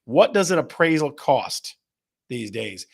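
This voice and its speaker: A man hosting a live online show, energetic and repetitive, rattling off viewer answers like an auctioneer. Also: mid-range voice, unhurried, gravelly, breathy edge. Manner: energetic, auctioneer-like, repeats questions. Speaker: host. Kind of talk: livestream show host reading chat.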